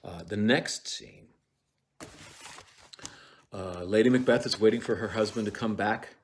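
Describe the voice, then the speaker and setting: A man lectures in a loose, conversational way, with plenty of fillers and the odd curse. His voice sits low, and he takes his time over every thought. When he recites verse he drops almost to a whisper. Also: unhurried, a little hiss or hum. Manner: casual and profane, many fillers and restarts. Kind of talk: casual lecture on a play with recited lines.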